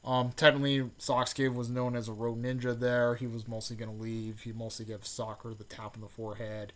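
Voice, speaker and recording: A man casually recapping a fan-made story, rambling with lots of fillers and restarts, and with excited bursts on the action beats. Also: medium pitch, a little fast.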